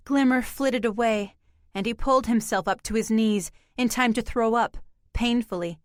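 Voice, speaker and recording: A woman narrating an audiobook with measured, even storytelling. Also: a little high, no echo, clean studio sound.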